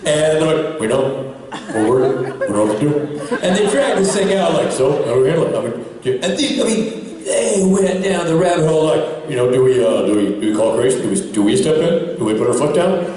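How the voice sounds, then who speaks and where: A man's voice: a little high, lively intonation, fast talker, mellow. A man on a convention panel telling a long story, laughing and acting out what others said. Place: large convention hall. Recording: echoey hall from far off.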